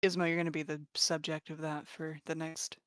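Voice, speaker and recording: Eager, low-pitched woman player chatting. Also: level tone, no room sound, studio quality. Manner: eager, quick to laugh. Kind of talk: casual chat.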